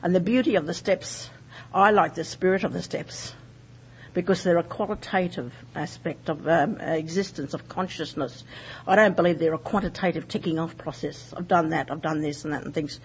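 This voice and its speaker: Candid woman, lowish voice. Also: moderate pace. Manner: candid, rambling, many fillers. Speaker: recovering alcoholic sharing her story. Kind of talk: personal testimony. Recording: dull lo-fi recording with faint noise.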